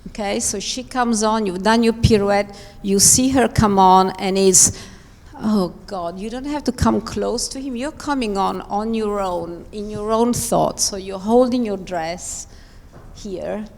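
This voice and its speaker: Woman, ballet coach, unhurried, emphatic and encouraging, long hall echo. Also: medium pitch, darkish tone. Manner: encouraging, emphatic, talks through the steps. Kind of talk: live rehearsal coaching. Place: large performance studio.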